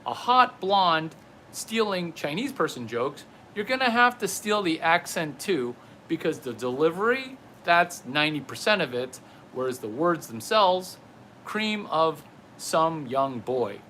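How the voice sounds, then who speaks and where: A man's voice: a little high, big pitch swings, a little slow, bright, forceful tone, slight background noise. A man delivering a rambling, playful comedy monologue to camera, riffing through absurd tangents while palming a basketball. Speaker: comedian vlogger.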